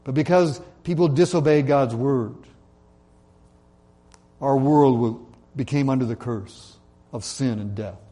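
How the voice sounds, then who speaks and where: A man preaching a sermon in an earnest way, slowing down and dropping his voice to stress key points. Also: medium pitch, warm tone. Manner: earnest, slows and drops his voice for emphasis. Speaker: pastor.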